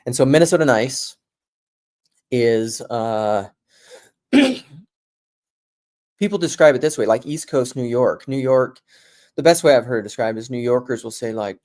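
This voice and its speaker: A man from South Dakota rambles casually, thinking aloud and drifting from idea to idea with many restarts and self-corrections. He speaks at a measured pace with frequent pauses, in a medium-pitched, slightly mellow voice.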